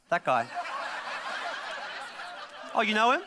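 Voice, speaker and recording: A man preaching a sermon to a live congregation, moving from jokes to loud exhortation. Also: high voice, sing-song, slow, long pauses, a crowd in the background, background noise. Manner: joking, then rising to a loud exhortation. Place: live service before a gathered congregation.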